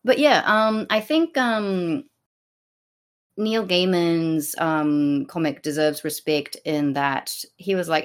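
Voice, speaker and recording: A woman co-hosting a podcast, talking in a slow, hesitant and wry way with lots of ums. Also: low voice, clear, resonant tone. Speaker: podcast co-host. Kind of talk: casual podcast discussion.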